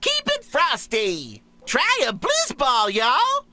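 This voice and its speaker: Ice cream man, high voice, big swings in pitch, bright, dry close recording. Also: huge pitch swings, slow, dry recording, heavily acted. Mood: cheery. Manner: bouncy, playful catchphrase delivery. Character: cheery ice cream man, upbeat and punny. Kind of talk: game character voice lines.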